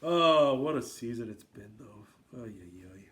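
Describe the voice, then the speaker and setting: A man's voice: medium pitch, expressive, measured pace. A man from Queens hosting a casual sports podcast, riffing and raising toasts. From Queens, New York. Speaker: podcast host.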